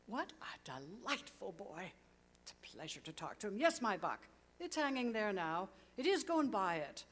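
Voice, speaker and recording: A woman's voice: medium pitch, sing-song, normal speed, a bit bright. A woman voicing a remorseful old miser in a storybook reading, pleading urgently and then bursting with joy. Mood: elated. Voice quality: urgent, exclamatory delivery.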